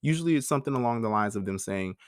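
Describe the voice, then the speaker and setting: A man's voice: mid-range voice, expressive, rapid-fire, dry recording, studio quality. A man in his thirties hosting a personal monologue, talking in an emotional, frank way and swearing freely. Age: 30s. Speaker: podcast host.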